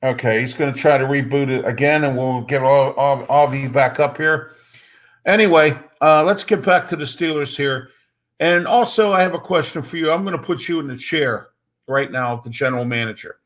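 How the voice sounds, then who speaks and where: A man's voice: mid-range voice, normal speed, fairly bright tone. A man hosting a live sports talk show, blunt and opinionated, rambling with many fillers and repeated checks like "okay?". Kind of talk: casual sports talk monologue.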